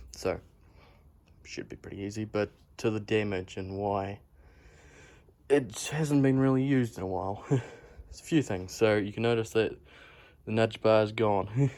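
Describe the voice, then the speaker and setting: Holding his phone to film in a garage, a young male vlogger chats offhandedly, rambling and swearing as he goes. The voice is lowish and a little mellow.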